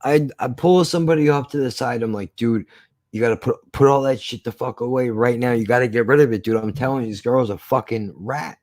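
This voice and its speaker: A man's voice: mid-range voice, brisk, dry recording. A man casually telling a story from his past, swearing often and acting out the argument. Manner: profane, animated retelling.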